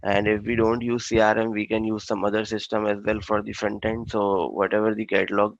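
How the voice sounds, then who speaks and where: A male instructor giving a technical training lecture, talking in a halting way with frequent fillers and restarts. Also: lowish voice, flat delivery, vocal fry, no room sound, muffled recording.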